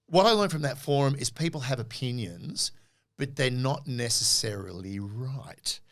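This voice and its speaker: A middle-aged Australian man, a podcast guest, telling animated stories in a casual interview and acting out quoted dialogue. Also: mid-range voice, normal speed.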